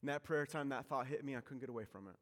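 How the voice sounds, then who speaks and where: A pastor giving a sermon in a church, telling stories with self-mocking humor, shifting from loud to hushed. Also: male voice, medium pitch, very fast, long reverb tail. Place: church sanctuary.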